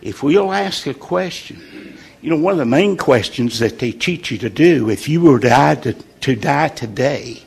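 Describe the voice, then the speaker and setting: A man leading an informal morning devotional in a folksy, conversational way, pausing on purpose for emphasis. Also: medium pitch, lively intonation, vocal fry, darkish tone, slight background noise. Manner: folksy and conversational, with deliberate pauses. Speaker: devotional leader.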